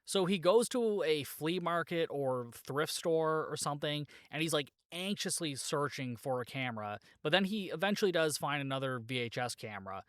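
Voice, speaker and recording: This podcast host's voice is a little high, animated and fairly bright, moving at a moderate pace with hardly any pauses; the studio sound is clean with no echo. He retells a film's plot in a loose, rambling way, saying "like" constantly and chuckling at his own jokes.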